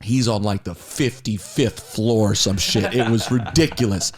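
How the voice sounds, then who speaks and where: A man, a radio host telling a story in a lively, animated way during an interview. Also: normal speed. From United States. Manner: animated storyteller, jumps pitch for quoted lines. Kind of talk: casual interview chat. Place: radio studio.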